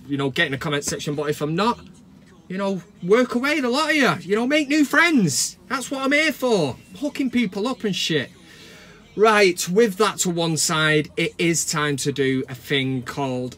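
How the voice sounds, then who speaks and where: A man's voice: fairly high pitch, normal speed, fairly bright tone. A man hosting a comic football fan vlog, swearing and mock-sentimental. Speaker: fan channel host. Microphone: camera mic.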